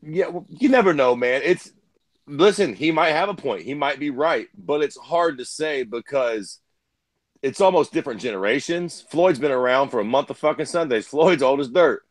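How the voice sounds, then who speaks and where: A man's voice: mid-range voice, lively intonation, normal speed, dry recording. A man from Ohio co-hosting a fight talk show, ranting bluntly and crudely. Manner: blunt, crude, heated rants. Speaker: co-host. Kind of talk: profane casual chat.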